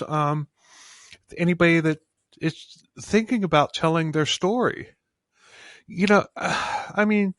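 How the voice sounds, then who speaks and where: A man's voice: fairly high pitch, a bit bright, no room sound. A man hosting a true-crime podcast interview, talking with passion and many restarts and fillers. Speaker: podcast host. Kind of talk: casual interview chat.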